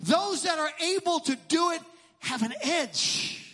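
A middle-aged man preaches a sermon in a church, with a very high voice and a sharp, bright edge. He is emphatic and rises to shouts at key points. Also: animated, measured pace. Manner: emphatic preaching, sometimes shouting, acts out quotes. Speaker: pastor.

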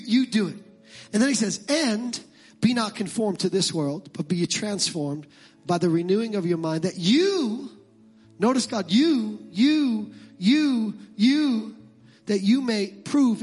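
A man preaching a sermon as pastor, swinging from impassioned shouted calls to relaxed conversational asides. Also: high-pitched.

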